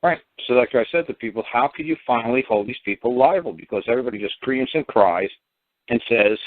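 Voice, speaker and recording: A man's voice: medium pitch, dry recording. A man with a New York accent talking in a blunt, profane, rambling way on a radio call-in show. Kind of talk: casual radio call-in talk. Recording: dry phone-line audio.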